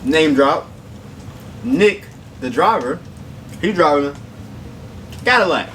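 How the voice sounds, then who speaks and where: A young man casually telling a funny story on a mukbang, slangy and animated, laughing as he goes. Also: a little high, slow pace. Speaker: mukbang co-host. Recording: distant mic with background noise.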